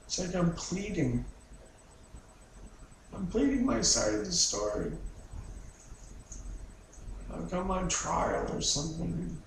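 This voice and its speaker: A man's voice: high-pitched, very animated, slow pace, creaky, pauses often. A man in a therapy session bluntly recounting a painful memory, swearing now and then and laughing bitterly, recorded from a distance in a room. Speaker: therapy client. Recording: echoey room, mic far off, faint noise.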